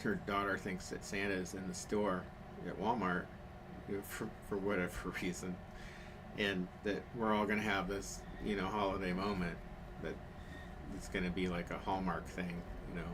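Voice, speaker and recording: Low-voiced man telling a rambling story. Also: level tone, normal speed, noisy background. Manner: rambling storytelling, many fillers and restarts. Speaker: storyteller on a craft stream. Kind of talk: casual chat.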